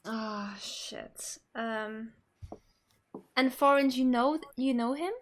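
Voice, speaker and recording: A woman's voice: on the high side, slow pace, a bit bright. A woman playing in a tabletop game over a video call, talking hesitantly and often restarting her sentences. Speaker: player. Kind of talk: casual tabletop game chat.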